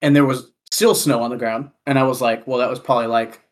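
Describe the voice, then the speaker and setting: A man from Kansas telling a story in casual chat, animated and profane, with lots of "like" fillers. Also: mid-range voice, fast talker.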